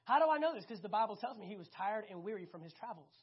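A preacher delivering a sermon, emphatic and animated, repeating key phrases and swinging between loud and hushed. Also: mid-range voice, racing, husky. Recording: dull lo-fi recording.

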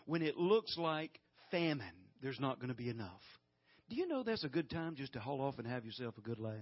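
Husky folksy preacher man. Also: a little high, lo-fi sound. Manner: folksy and animated, breaks into loud laughter. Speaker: guest preacher. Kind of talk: sermon.

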